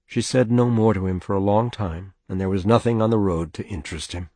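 A man reads a novel aloud in a steady, measured way. His voice is low. The recording is dry, with no room sound. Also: no echo. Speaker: narrator. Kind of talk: audiobook reading of a novel.

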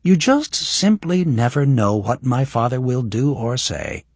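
A man voicing a frank, wry young woman healer in an audiobook, his voice lifted higher for her. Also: unhurried, slightly rough, no room sound, heavily acted. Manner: raised voice for a woman, expressive.

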